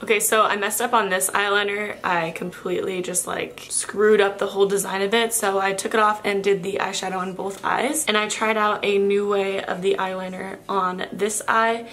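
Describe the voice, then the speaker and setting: A young woman with a cold, her voice raspy and nasal, talking through a makeup tutorial in a chatty, self-correcting way. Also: mid-range voice, fairly even intonation, normal speed, hardly any pauses, a bit bright. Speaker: makeup vlogger.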